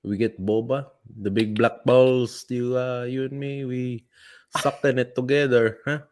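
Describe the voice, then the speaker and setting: A man's voice: mid-range voice, flat delivery, a little slow, a little mellow, voice pushed up, lightly acted. A man putting on a thick mock Filipino accent. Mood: sleazy. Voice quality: heavy mock Filipino accent, teasing, sing-song.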